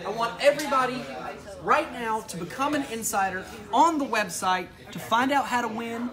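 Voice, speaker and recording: A man's voice: extremely high pitch, normal speed, crowd noise. A man on a live show in casual chat, upbeat and promotional.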